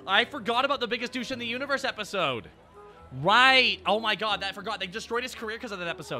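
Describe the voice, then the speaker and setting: Bright, animated male streamer. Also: high voice, fast, soft background music. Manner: animated and excitable, laughs a lot, swears casually. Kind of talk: casual chat.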